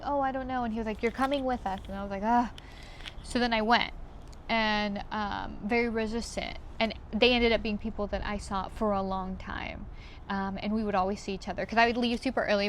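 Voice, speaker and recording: A woman's voice: medium pitch, a little hiss or hum. Emotional woman in a reflective vlog. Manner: emotional, near tears at times, with soft laughs; chatty with many fillers. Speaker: vlogger.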